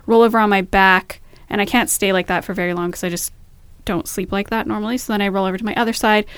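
A woman's voice: medium pitch, clean tone, dry recording. A woman in her third trimester co-hosts a casual podcast. She tells her stories frankly and with plenty of life, and swears freely. Her voice sits in an ordinary middle range and sounds dry and close to the mic. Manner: candid, animated storytelling with swearing. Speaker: podcast co-host. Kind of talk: casual chat.

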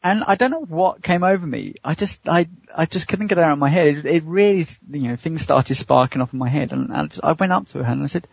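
A man tells a long personal story in a relaxed interview, laughing often and acting out the voices of the people in it. His voice is gravelly and a little husky. The sound is dry and muffled. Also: on the high side, fast talker, hardly any pauses, no echo. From United Kingdom. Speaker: co-host answering interview questions.

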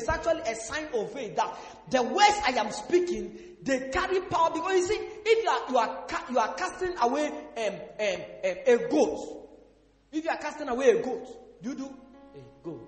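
A male pastor preaching a sermon, asking the congregation questions and breaking into sudden shouts. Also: very high voice. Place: church hall. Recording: echoey hall with faint music.

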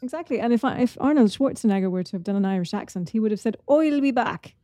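A woman's voice: mid-range voice, racing, dark tone. A woman co-hosting a podcast, chatting casually in a friendly, helpful way. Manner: friendly, helpful, laughs along. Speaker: podcast co-host. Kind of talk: casual chat.

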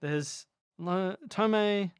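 A podcast co-host in casual chat, quizzing themselves on capitals in a playful, think-aloud way that swings between loud and murmured. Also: medium pitch, extremely slow, clean tone, dry recording, clean studio sound.

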